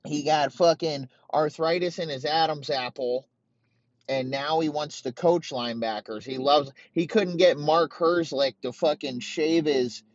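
A man's voice: a little high, a little slow, no room sound, muffled recording. A foul-mouthed, rambling man ranting about sports. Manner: rambling, heavy swearing. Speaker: sports podcast host. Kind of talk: profane sports rant.

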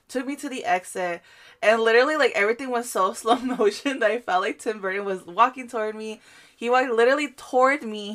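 A young woman chats casually and tells a story with a lot of "like" scattered through her sentences. She is from a Guatemalan family, and her voice sits at an ordinary middle pitch. Her storytelling is animated, and laughter breaks into it often. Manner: animated storytelling, heavy use of "like", frequent laughter. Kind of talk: casual chat.

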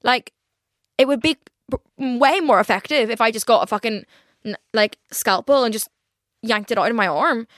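A woman's voice: a little high, normal speed, long pauses, a bit bright, no room sound, studio quality. A young woman chatting on her own podcast, rambling with lots of "like" fillers and frequent swearing. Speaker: podcast host. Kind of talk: casual solo podcast chat.

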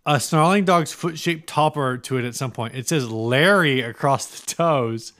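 A man's voice: medium pitch, normal speed, a bit bright. Teasing man co-hosting a podcast. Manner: teasing, reads listings aloud with mock quotes. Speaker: podcast co-host. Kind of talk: casual chat.

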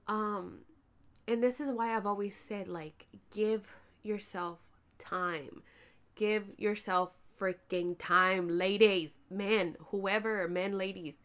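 A pregnant, tired woman chatting casually to her viewers as a vlogger, animated and swearing freely. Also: mid-range voice, takes it slowly. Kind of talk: casual chat to camera.

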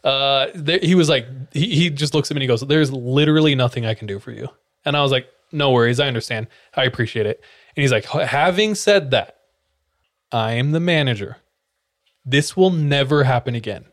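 A young man recounts a story as a podcast co-host, with animated delivery. He breaks into quick voices and sound effects for the people in it. The talk is loose and casual. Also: mid-range voice, no room sound, studio quality. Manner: animated, acts out quotes with sound effects and laughs.

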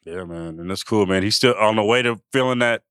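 A man's voice: lowish voice, fairly quick, fairly bright tone, clean tone, dry recording, studio quality. A man co-hosting a sports podcast, chatting loosely and trailing off with fillers. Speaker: podcast co-host. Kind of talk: casual sports chat.

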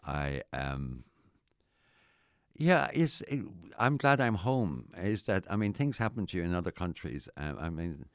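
A middle-aged Irish man chatting casually as an interviewee, rambling and halting with many restarts. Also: low-pitched, big pitch swings, no echo, clean studio sound. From Ireland. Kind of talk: casual chat.

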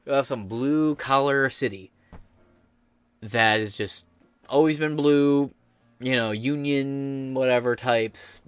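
A man hosting a podcast, giving a profane, sarcastic, rambling rant of political commentary. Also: mid-range voice. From United States. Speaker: podcast host.

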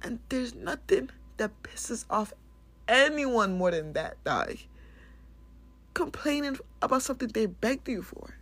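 A woman's voice: a little high, expressive, measured pace, a bit bright. A woman hosting a casual spiritual talk, speaking candidly and bluntly, swearing and laughing often. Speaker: spiritual podcast host.

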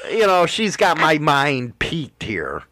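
A man's voice: fairly high pitch, huge pitch swings, slow, sharp tone. A man co-hosting a podcast, trading crude jokes and teasing in casual chat. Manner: crude joking banter; playful teasing. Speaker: podcast co-host.

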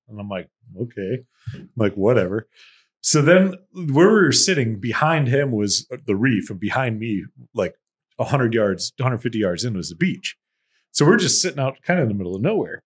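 A man telling a story in casual podcast chat, laughing often and swearing freely. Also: medium pitch. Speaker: podcast co-host.

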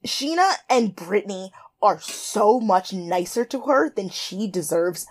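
A woman's voice: medium pitch, animated, measured pace. Blunt sarcastic young woman recapping. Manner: blunt, sarcastic, swears freely, acts out quotes. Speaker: podcast co-host. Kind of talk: casual chat recapping a reality show.

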